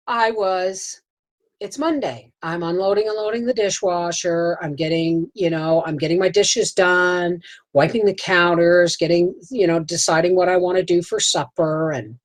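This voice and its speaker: A woman's voice: lowish voice, poor audio. A woman vlogging from her homestead, telling a rambling, emotional story in a folksy, chatty way. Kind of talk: casual storytelling to camera.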